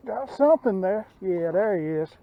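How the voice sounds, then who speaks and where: A man's voice: high voice, expressive, normal speed, gravelly, no room sound, lo-fi sound. A man from north Alabama, casually narrating a fishing trip by a lake, out of breath and talking to the camera. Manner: laid-back, talks to the camera while fishing. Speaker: fishing vlogger. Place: outdoors by a lake.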